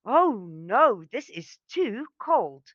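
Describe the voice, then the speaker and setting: A woman's voice: fairly high pitch, big pitch swings, extremely slow, a bit bright, dry recording, dull audio, voice pushed up, full character voice. A woman voicing a curious, fussy little girl in a storybook, with a light lilting delivery.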